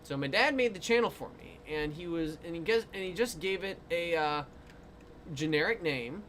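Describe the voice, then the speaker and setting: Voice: medium pitch, animated, normal speed, a bit bright, slight background noise. An artist chatting casually on a livestream while drawing requests, rambling with lots of fillers, playful and self-mocking, often dissolving into giggles. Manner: rambling with many fillers, breaks into giggling fits.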